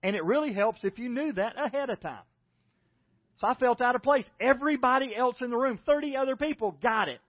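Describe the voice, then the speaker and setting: A pastor from South Carolina with a Southern accent, preaching a sermon in a folksy storytelling way with self-deprecating humor. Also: male voice, extremely high pitch, a little fast, lo-fi sound. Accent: Southern American. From South Carolina, United States.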